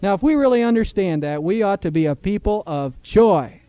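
A man's voice: sits high, lively intonation, moderate pace, warm tone, clean tone, dry recording, highs cut off. A middle-aged man preaching a sermon in church, earnest, with a rising emphasis on key points. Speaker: pastor.

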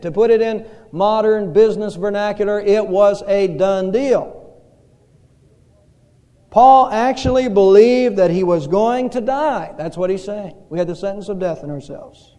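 A male pastor preaching a sermon in a church, telling stories slowly and dramatically with pauses. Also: high voice, mellow. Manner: slow, dramatic storytelling with pauses. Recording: reverberant hall.

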